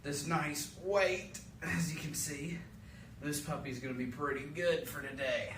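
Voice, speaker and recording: Young man, goofy rambling podcast host, slow-talking, echoey basement, mic a bit far off. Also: on the high side, fairly even intonation, fairly bright tone, a little hiss or hum. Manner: goofy, self-mocking and rambling. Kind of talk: casual solo podcast chat. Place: home basement.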